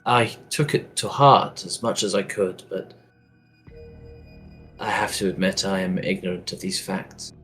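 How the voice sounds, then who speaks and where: A man's voice: low-pitched, fairly even intonation, a little slow, a bit bright, soft background music. A man voicing a humble, polite young male acolyte who speaks carefully and apologetically. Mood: humble concern.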